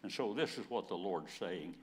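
A man's voice: deep voice, animated, normal speed. A man in his nineties preaching a sermon, telling stories and chuckling often as he acts out scripture. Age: 90s.

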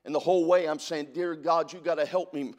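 Middle-aged preacher from California, stammering storyteller. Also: male voice, a little high, fairly even intonation, fairly quick, darkish tone. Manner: storytelling with repeated stammered restarts; reads scripture aloud in a rising preaching cadence. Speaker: pastor. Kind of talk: sermon.

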